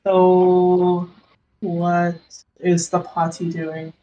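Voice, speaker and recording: A mid-pitched game master running a tabletop game. The speech is hesitant and halting, with many fillers and restarts. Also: monotone, mellow, dull audio. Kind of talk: casual tabletop game chat.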